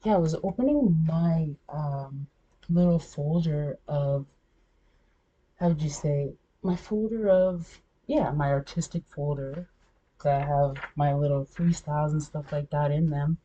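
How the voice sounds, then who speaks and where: A woman's voice: deep voice, measured pace, warm tone. A woman talking casually in a vlog, rambling and often breaking off to restart her thoughts. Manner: rambling, self-interrupting, many fillers. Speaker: vlogger. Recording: dull lo-fi recording.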